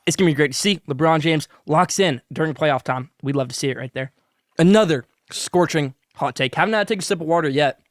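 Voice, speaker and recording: A man hosting a sports podcast, pitching a sponsor and giving basketball hot takes between bites of food, talking with food in his mouth at times. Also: quick pace, dry recording. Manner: hyped, salesy, talks with food in mouth. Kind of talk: sponsored hot-takes segment while eating.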